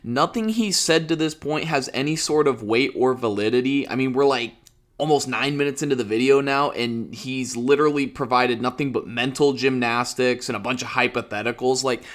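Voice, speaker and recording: A man's voice: mid-range voice, moderate pace, a bit bright. A young man giving a ranting commentary, sarcastic and profane, mocking his target with short laughs. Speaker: commentary YouTuber.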